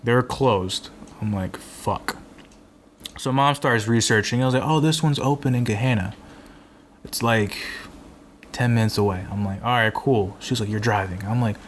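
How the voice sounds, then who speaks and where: A man's voice: medium pitch, moderate pace, a little hiss or hum. A young man in his twenties, co-hosting a podcast and telling a rambling, swear-filled story in casual chat. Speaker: podcast co-host.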